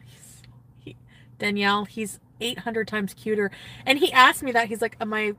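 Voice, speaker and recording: A woman's voice: mid-range voice, fairly even intonation, measured pace, pushed and bright, distant mic. A woman chatting on a phone livestream from a parked car, giddy and gushing, reading and answering her chat.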